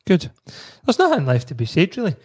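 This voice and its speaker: Scottish man, podcast host, bit high-pitched, loose banter with lots of laughs. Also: wildly swooping pitch, a little fast, darkish tone, husky. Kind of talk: casual chat.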